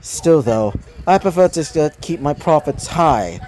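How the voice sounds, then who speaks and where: A man's voice: on the high side, expressive, a little slow, a little mellow, slight background noise, rough recording. A man voicing a casual, matter-of-fact young male merchant in his fan fiction reading.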